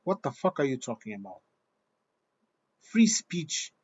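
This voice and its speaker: A man's voice: medium pitch, big pitch swings, unhurried, darkish tone, slightly rough. Blunt, swearing man on a dull recording. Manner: blunt, swearing, repeats himself. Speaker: vlogger. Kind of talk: opinion monologue.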